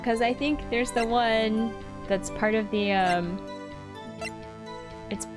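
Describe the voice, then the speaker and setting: A young woman streamer chatting slowly and giggling as she thinks aloud over a game. Her voice sits a bit high, with faint game music behind. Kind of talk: casual let's-play commentary.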